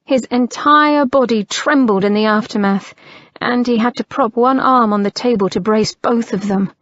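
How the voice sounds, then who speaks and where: A woman narrating an audiobook in a measured, unhurried reading, on a slightly muffled recording. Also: on the high side, fairly bright tone, no echo.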